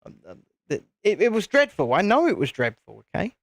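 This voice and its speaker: A man's voice: sits high, wildly swooping pitch, a little fast, no echo, clean studio sound. Chatty British man hosting a live stream. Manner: chatty, self-deprecating, easily flustered. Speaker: channel host. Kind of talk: casual live-stream chat.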